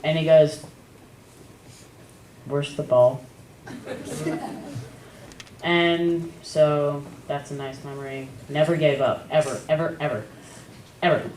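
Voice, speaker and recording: A young man speaks at a memorial in a halting, wry voice full of little pauses. He sounds distant and echoey in a big hall, with steady ambient noise underneath. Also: on the high side. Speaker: son of the deceased, speaking at the memorial. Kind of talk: memorial speech.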